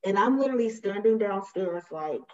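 A woman's voice: medium pitch, animated, fairly quick, a little mellow. A woman guest telling a personal story in a casual, emphatic way, acting out the dialogue she recalls. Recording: slightly muffled audio.

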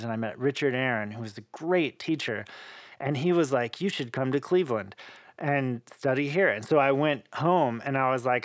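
Brief: male interview guest, lively storyteller, dry close recording. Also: mid-range voice, no echo. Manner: animated, laughing storyteller.

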